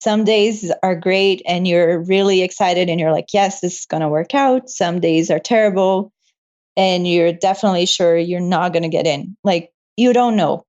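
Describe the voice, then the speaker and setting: Young adult woman, med student guest; warm-hearted, laugh-prone storyteller, slightly muffled recording. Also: lowish voice, moderate pace. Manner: emotional, laughs often, animated retelling. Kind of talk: casual interview storytelling.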